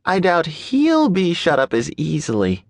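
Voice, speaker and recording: A man's voice: fairly high pitch, wildly swooping pitch, a little slow, no echo, pitched above the performer's own voice, exaggerated voice. A man reading an audiobook, voicing a snarky but affectionate young woman in a teasing manner. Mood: wry. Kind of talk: audiobook character voice.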